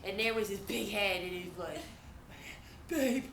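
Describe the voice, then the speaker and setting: A woman's voice: medium pitch, fairly even intonation, a little fast, creaky. A young woman doing stand-up at a fundraiser, rambling through funny stories and laughing as she goes. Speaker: stand-up comedian. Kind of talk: stand-up storytelling. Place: event venue. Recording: echoey room, far from mic, loud noise.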